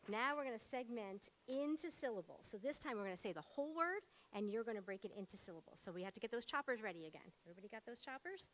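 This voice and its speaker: A woman's voice: fairly high pitch, animated, quick pace, few pauses, fairly bright tone, slight background noise. A woman teacher leading a phonics lesson, upbeat and encouraging, prompting in short words. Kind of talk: classroom phonics demonstration. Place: school meeting room.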